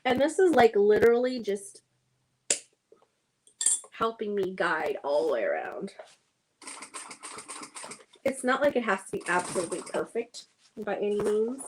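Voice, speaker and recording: A woman's voice: medium pitch, very animated, a little slow, pauses often, slight background noise, poor audio. A woman hosting a casual sewing livestream, thinking aloud and chatting to her viewers as she works.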